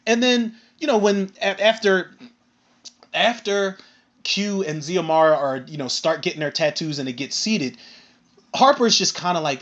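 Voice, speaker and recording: A man recapping and reviewing a TV episode in a casual, animated and profane way, acting out bits of dialogue. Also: sits high, normal speed, dull audio. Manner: animated, profane, retells scenes with acted quotes. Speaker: film and TV reviewer.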